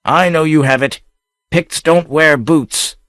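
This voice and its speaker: A man's voice: mid-range voice, moderate pace, a bit bright, dry recording, clean studio sound, voice pushed up, close to an everyday voice. A man voicing a bold, swaggering pirate captain who bellows and mocks, in an audiobook reading. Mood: taunting. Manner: bellowing, mocking.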